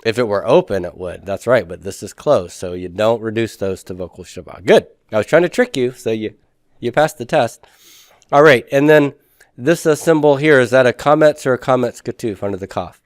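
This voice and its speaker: Smooth-voiced male teacher reviewing a lesson. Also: medium pitch, lively intonation, moderate pace, no echo, studio quality. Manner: patient, asks questions then answers them himself. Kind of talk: recorded class review lesson.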